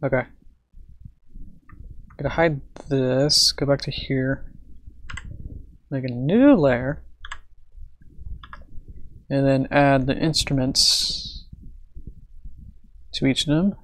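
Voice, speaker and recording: A man's voice: medium pitch, extremely slow, long pauses. A man chatting casually on his livestream as he draws, thinking aloud, humming to himself and chuckling between remarks. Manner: thinks aloud, hums and chuckles while he works. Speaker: livestreaming artist. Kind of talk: casual livestream chat while drawing.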